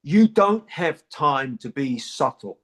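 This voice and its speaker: A man's voice: medium pitch, very animated, slow. A man from New Zealand, an actor being interviewed, talks casually and often repeats words and restarts his sentences. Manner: repeats words and restarts, many "you know".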